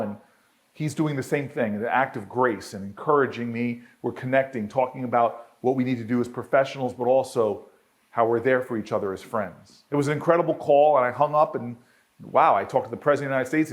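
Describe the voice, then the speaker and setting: Man giving a rousing storytelling speech. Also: a little high. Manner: builds to a loud climax and then drops quiet and solemn. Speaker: speaker at an archive celebration. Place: event hall with an audience.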